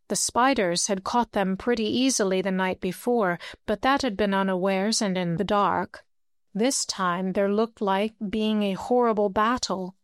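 Woman audiobook narrator, smooth clear voice, close and dry recording. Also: mid-range voice, no room sound. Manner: steady storytelling, lifts her voice for dialogue. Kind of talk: audiobook reading.

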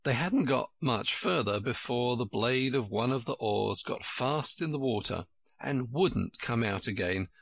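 Man, storybook narrator, gravelly voice, bright tone, dry close sound. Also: medium pitch, lively intonation, a little slow, dry recording. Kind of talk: storybook reading.

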